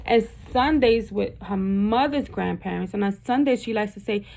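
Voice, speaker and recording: A woman's voice: mid-range voice, moderate pace, gravelly, darkish tone. A woman from Puerto Rico, a teacher reading a picture book aloud to her class and stopping often to ask the children questions.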